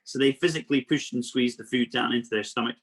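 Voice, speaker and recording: Husky-voiced man presenting animals playfully. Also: medium pitch, fast talker. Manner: lively, playful explaining with frequent asides. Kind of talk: live online animal workshop for children. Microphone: video call.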